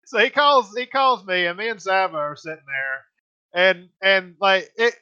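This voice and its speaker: A man's voice: high-pitched, normal speed, sharp tone, clean tone, no room sound, muffled recording. A man co-hosting a podcast in casual chat, telling a story. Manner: rambling storyteller with many restarts and fillers. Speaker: podcast co-host.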